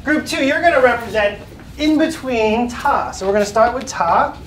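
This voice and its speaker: A man's voice: very high-pitched, expressive, moderate pace, fairly bright tone, slight background noise. A man teaching a children's music class, patiently guiding them and chanting rhythms for them to repeat. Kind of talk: classroom lesson with call and response. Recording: echoey classroom from far off.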